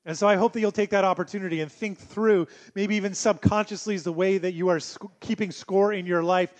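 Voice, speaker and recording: A male pastor delivering a sermon in a conversational, storytelling way with gentle humor. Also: high-pitched, steady tone, a little fast.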